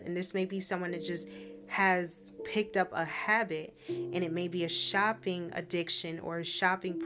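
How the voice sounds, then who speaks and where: A woman giving a casual spiritual message reading, chatty and repetitive, often checking in with the listener. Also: fairly low pitch. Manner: chatty, repeats tag questions like "right?" and "okay?". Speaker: spiritual reader.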